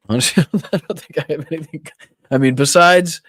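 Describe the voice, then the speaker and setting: A man's voice: mid-range voice, sing-song, moderate pace, a bit bright, no room sound. A man with a Boston accent hosting a political live stream, ranting with heavy profanity. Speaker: political podcast host.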